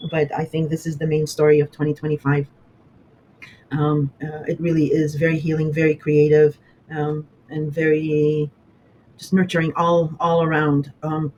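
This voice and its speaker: A man talks through a horoscope in a loose, rambling way, stopping and restarting often and laughing easily. His voice sits fairly high. A faint room ambience hums under the recording. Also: darkish tone, a little hiss or hum, low-quality recording. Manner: rambling, halting, many fillers and restarts. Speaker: astrologer. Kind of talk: casual horoscope talk.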